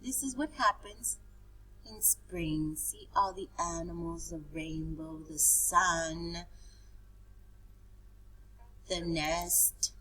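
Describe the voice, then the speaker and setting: A woman's voice: on the low side, very slow, long pauses, sharp tone, slightly rough, rough recording. A woman teaching preschool children, pointing things out in a sing-song, coaxing way.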